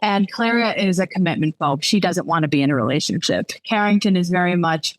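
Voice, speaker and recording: A woman author with a fairly low voice, chatting candidly and reading from her own novel. She is self-deprecating and laughs easily, and the sound is dry and close with no room echo. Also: a little fast, hardly any pauses. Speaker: romance author.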